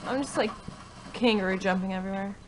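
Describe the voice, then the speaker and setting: A woman's voice: medium pitch, fast talker. A woman playing a video game at home, chatting casually in a flustered, self-mocking way about how badly she is doing. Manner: flustered, self-mocking, laughs at her own play. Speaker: gamer. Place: home, in front of a TV. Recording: noisy game audio behind.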